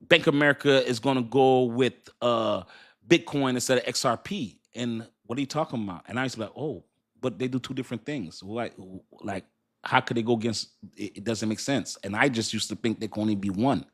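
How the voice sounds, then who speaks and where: A man's voice: mid-range voice, fairly quick. Laughing, rambling male crypto streamer. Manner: rambling, laughs often, restarts sentences, reads chat. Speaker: crypto livestream host. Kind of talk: casual livestream chat.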